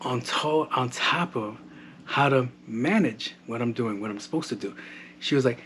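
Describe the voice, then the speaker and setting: A man in his thirties talks straight into the mic, telling his story in blunt, casual speech full of curses and quoted back-and-forth. His voice sits at an ordinary pitch, and a faint hiss of noise runs under the recording. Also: moderate pace, fairly bright tone. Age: 30s. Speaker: podcast host. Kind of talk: casual monologue.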